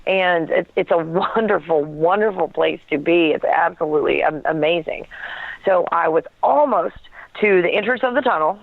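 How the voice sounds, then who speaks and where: A woman's voice: fairly low pitch, moderate pace, gravelly, dry recording. Woman guest telling her story over a tinny phone line, earnest, keeps looking for the right word, laughs a lot. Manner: earnest, searching for words, laughs often. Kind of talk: personal storytelling in an interview.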